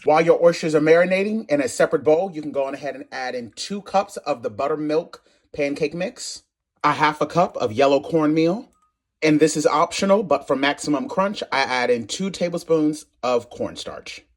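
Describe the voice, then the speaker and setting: A man from Maryland hosting a casual cooking tutorial in his home kitchen, sassy and animated, calling viewers honey and swearing casually. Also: a little high, normal speed. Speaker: cooking channel host.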